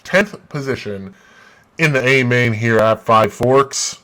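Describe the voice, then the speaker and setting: A man hosting a gaming channel, giving excitable play-by-play of his racing game and bursting into loud exclamations. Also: medium pitch, slow, low-quality recording.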